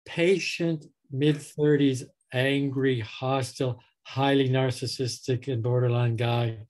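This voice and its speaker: A man's voice: medium pitch, steady tone, slow, a little mellow. A man, a psychotherapist, explaining his clinical approach through patient stories with dry humor, recorded over a video call. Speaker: psychotherapist guest.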